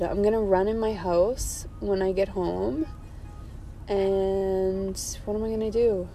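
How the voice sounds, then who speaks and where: Lady podcaster talking in her car, mellow voice, rambly and chatty. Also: mid-range voice, slight background noise, low-quality recording. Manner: chatty, digressive, self-amused. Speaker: podcast host. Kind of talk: casual rambling chat. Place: in a car at a drive-thru.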